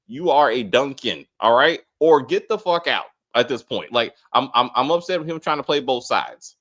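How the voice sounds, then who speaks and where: Animated, profane man reviewing a TV episode. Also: medium pitch, normal speed. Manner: blunt and profane, animated, laughs often. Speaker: host of a TV episode review channel. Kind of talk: casual spoiler review chat.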